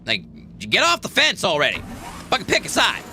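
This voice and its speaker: Swearing, very animated American man streamer. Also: high-pitched, a little fast, background noise. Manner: profane, joking banter. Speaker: streamer playing a space game. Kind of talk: casual gameplay chat.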